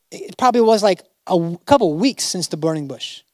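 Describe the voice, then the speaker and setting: A man's voice: high-pitched, lively intonation, a little fast, few pauses, no echo, studio quality. A man preaching a sermon as a pastor, dramatically acting out biblical figures in casual modern speech.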